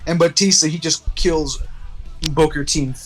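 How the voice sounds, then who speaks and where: Young guy narrating his game, rambly and sweary, bit tipsy, higher voice, guitar music faint. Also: fairly even intonation, moderate pace, a bit bright, low-quality recording. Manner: rambling, profane, jokey. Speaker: game streamer. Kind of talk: casual let's-play narration.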